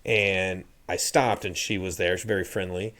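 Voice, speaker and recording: A middle-aged man with a fairly low voice hosts a casual podcast chat. He rambles through a story, stopping and restarting his sentences. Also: steady tone, normal speed, fairly bright tone. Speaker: podcast host.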